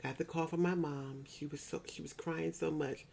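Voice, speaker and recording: A woman's voice: low voice, fairly even intonation, normal speed, creaky, darkish tone, a little hiss or hum. A middle-aged woman giving heartfelt personal testimony in an earnest, church-going manner, often repeating herself to drive a point home. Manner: earnest and repetitive, often circling back to restate a point. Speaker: speaker sharing a personal grief story.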